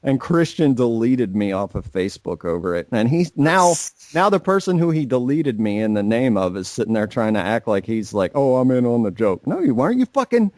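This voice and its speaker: A man's voice: mid-range voice, big pitch swings, fairly quick, hardly any pauses, a little mellow, no room sound. A young man co-hosting a casual podcast, rambling and swearing, mocking people in put-on voices. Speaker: podcast co-host. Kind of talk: casual profane chat.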